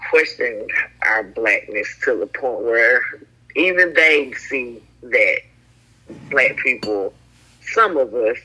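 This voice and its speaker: A woman's voice: rumbling low, animated, bright, forceful tone, breathy edge, rough recording. A woman guest on a podcast, speaking frankly and giving her opinions in a casual chat. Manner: frank, opinionated, quick when making a point.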